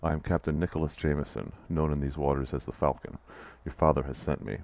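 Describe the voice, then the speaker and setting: A man's voice: rumbling low, fast, vocal fry, a little mellow. A man reading the lines of a cultured, gallant and confident male pirate captain with courtly, formal speech.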